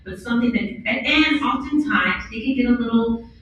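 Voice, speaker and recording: Woman, panel speaker, blunt, animated, cavernous echo, distant mic. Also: a little high, moderate pace, highs cut off, slight background noise. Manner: animated, candid, blunt, acts out quotes. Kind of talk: conference panel talk. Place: large event hall on a stage. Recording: echoey hall from far off.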